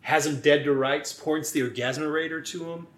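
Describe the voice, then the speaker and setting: A man co-hosting a podcast in casual chat, animated and swearing as he acts out lines from a movie. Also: a little high, moderate pace, echoey room. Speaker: podcast co-host.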